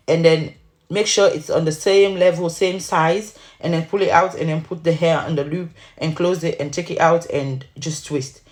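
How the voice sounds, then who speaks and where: A low-pitched woman explains her wig-making steps in a casual, sassy way. She calls her viewers honey and sweetheart as she works, talking into the camera mic. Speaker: wig maker showing her craft. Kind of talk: casual tutorial talk to viewers.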